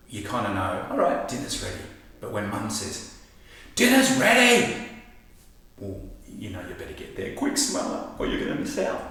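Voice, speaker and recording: A man teaching children a writing lesson, speaking in an animated way and addressing the kids directly. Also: mid-range voice. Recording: echoey room, mic at a distance.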